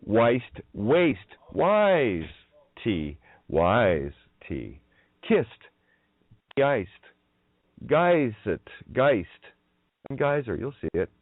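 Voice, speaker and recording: A man's voice: on the low side, no room sound. A man hosting a rambling solo radio monologue. He talks in a profane, mocking way, laughs often and plays on the sounds of words. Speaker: radio show host. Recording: narrow, tinny phone-like audio.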